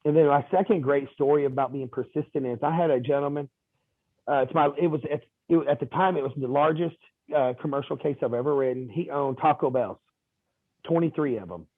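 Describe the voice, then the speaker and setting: A man recounts sales anecdotes in an easygoing interview, slipping into the voices of the people he quotes and padding his sentences with ums and uhs. His voice sits a little high for a man. The sound is dry and thin, like a phone call. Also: brisk, dry recording. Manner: lively anecdotal telling with quoted dialogue and fillers. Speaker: insurance agent guest. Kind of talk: casual interview storytelling. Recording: tinny phone-like line.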